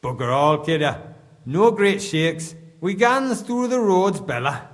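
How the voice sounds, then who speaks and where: An actor playing a gruff, suspicious middle-aged mine foreman with a Geordie accent and blunt dialect slang. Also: fairly high pitch, big pitch swings, unhurried, in a large hall.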